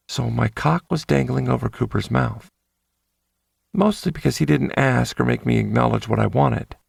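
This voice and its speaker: A man's voice: mid-range voice, gravelly, husky, no room sound, studio quality. A man narrating a first-person romance audiobook in an intimate inner-monologue manner.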